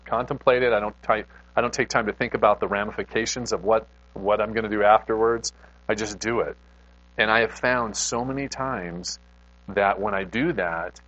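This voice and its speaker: A man's voice: on the low side, fairly bright tone, lo-fi sound. A man preaching a casual, conversational sermon, telling a personal story with lots of restarts and self-deprecating asides. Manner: extrovert.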